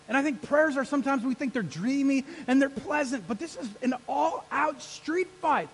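A man preaching a sermon as pastor, energetic and rallying his congregation to answer back. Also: very high-pitched, moderate pace, hardly any pauses, poor audio. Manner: energetic, rallies the congregation with call-and-response. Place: church sanctuary.

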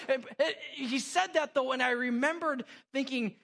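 A young adult man, a pastor, preaching a sermon in church in a casual, self-deprecating storytelling way with quick asides. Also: very high-pitched, gravelly, fairly bright tone.

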